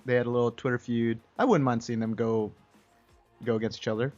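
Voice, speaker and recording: A man's voice: mid-range voice, fairly even intonation, a little fast, darkish tone, soft background music. A young man co-hosting a podcast in casual chat, rambling and laughing often. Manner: laid-back, rambling, laughs often, many fillers. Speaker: podcast co-host. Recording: dull lo-fi sound.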